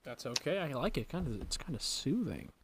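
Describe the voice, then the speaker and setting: A man's voice: mid-range voice, big pitch swings, a little fast, a crowd in the background. A young man co-hosting a casual podcast, joking loosely and swearing freely. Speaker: podcast co-host. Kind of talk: casual chat.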